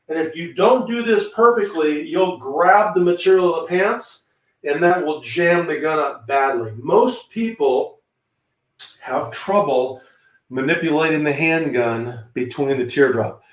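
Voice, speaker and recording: A man with a Southern American accent runs a live teaching stream, talking loosely and answering viewers by name while he demonstrates. His voice sits a bit high for a man. The room around him echoes. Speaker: firearms instructor hosting a livestream.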